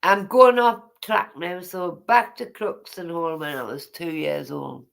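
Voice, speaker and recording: A woman's voice: fairly low pitch, fairly even intonation, unhurried, gravelly, few pauses. A woman, casually reading her memoir aloud and breaking off for chatty, teasing asides.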